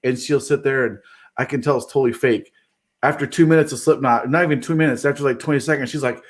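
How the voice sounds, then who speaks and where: A man co-hosts a relaxed podcast conversation at an ordinary middle pitch. He rambles, swears freely and slips into other people's voices when he retells a story. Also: quick pace. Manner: rambling, swearing, acts out quotes. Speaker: podcast co-host. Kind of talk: casual chat.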